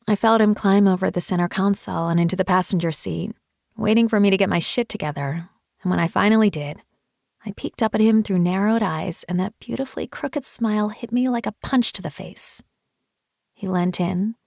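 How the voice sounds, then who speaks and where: A woman narrating a first-person romance audiobook in an intimate, often soft and near-whispered manner, on a close mic. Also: medium pitch, moderate pace, creaky, breathy edge, dry recording.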